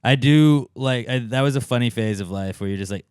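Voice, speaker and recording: A man's voice: a little fast, clean tone, no room sound, clean studio sound. A man co-hosting a podcast in casual chat, telling stories and acting out quotes with big jumps in his voice. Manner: animated storyteller, acts out quotes with big jumps in pitch. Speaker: podcast co-host.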